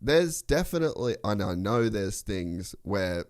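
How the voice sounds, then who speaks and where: A man's voice: lowish voice, big pitch swings, measured pace, a little mellow. A man hosting a casual podcast chat, swearing freely and laughing as he talks. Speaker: podcast host.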